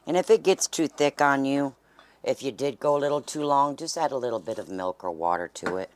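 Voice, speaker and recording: A woman's voice: rumbling low, brisk. Woman, home-cooking host, folksy and chatty, drifts into near whispers, kitchen setting. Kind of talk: casual cooking demonstration.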